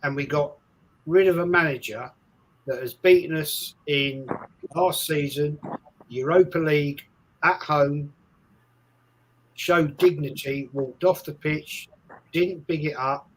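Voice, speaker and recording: A man making a deliberate point in casual conversation, driving it home by repetition and lists of figures. He speaks very slowly with a slightly high voice. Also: slight background noise, poor audio. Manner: emphatic, repeating points, reciting statistics. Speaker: co-host of a fan podcast. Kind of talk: casual chat.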